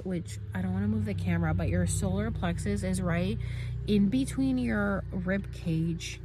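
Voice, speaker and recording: A woman's voice: medium pitch, normal speed, noisy background. A woman vlogger telling a personal story in a casual, rambling way, full of fillers and restarts and the odd burst of swearing.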